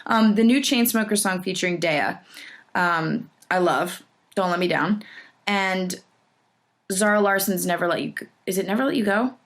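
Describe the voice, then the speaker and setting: A woman's voice: on the low side, normal speed. A woman who is a singer and actress, answering fan questions in a casual, bubbly way that rambles, with many restarts.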